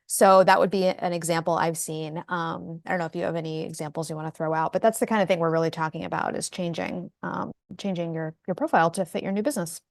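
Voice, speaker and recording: A woman's voice: lowish voice, steady tone, fast talker, creaky, hardly any pauses, no echo, studio quality. A woman co-hosting a casual chat about marketing, talking in a chatty way with lots of fillers and restarts over a video call. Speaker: co-host.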